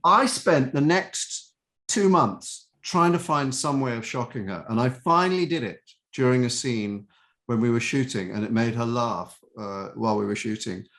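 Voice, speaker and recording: An older man telling show-business stories in a chatty, animated way as an interview guest. His voice sits at an ordinary middle pitch, and he often slips into brief quoted voices while he talks. It is easygoing conversational storytelling. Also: moderate pace. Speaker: actor guest. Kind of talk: interview anecdotes.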